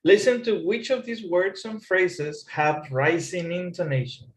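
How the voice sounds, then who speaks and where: A man's voice: high-pitched, a little slow, a little hiss or hum. A man teaching an English lesson, patiently repeating phrases and explaining rising intonation. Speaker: English tutor.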